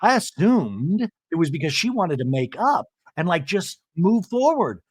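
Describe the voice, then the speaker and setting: A man putting on an excitable reality-TV woman, squealing in over-the-top exclamations. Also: high voice, moderate pace, slightly rough, no echo, voice pushed up, full character voice. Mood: aggrieved venting. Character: gushing excitable reality-TV woman, shrieking in disbelief.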